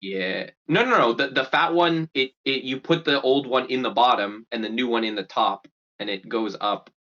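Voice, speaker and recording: This young male podcast co-host chats casually at a normal speed with a medium-pitched voice. He tells stories with animation, performing the voices and quotes himself. The audio has a dull, lo-fi quality.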